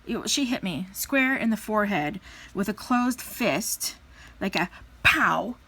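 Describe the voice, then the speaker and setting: A woman's voice: mid-range voice, lively intonation, slow pace, pushed and bright, breathy edge. Chatty woman telling stories while crafting. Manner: chatty, lots of fillers, playful voices for quotes. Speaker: crafting vlogger. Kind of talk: casual storytelling chat.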